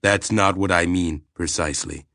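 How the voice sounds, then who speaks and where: An ancient alien intelligence speaks slowly and clinically, weighing every word in a deep, bright-edged voice, as a male narrator puts it on. It sounds detached and literal-minded. The reading is dry and close. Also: creaky, dry recording, heavily acted. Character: ancient calm alien planetary mind, sexless.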